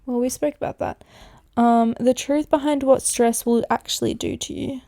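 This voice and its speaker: A young adult woman hosting her own podcast, talking in a chatty, excitable way and laughing often. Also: high-pitched, normal speed, dry recording, studio quality. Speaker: podcast host. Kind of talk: casual solo podcast talk.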